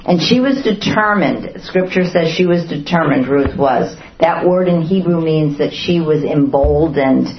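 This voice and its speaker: Her voice sits low and a bit slow, with hardly any pauses, as a woman leads a group Bible study. She keeps asking listeners questions and acts out the quotes she reads, all in a roomy, dull lo-fi recording.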